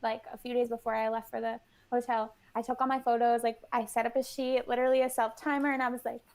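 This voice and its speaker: A woman's voice: fairly high pitch, flat delivery, fast talker, darkish tone. A woman guest in casual interview chat, bubbly and full of "like", acting out what she and others said. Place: New York.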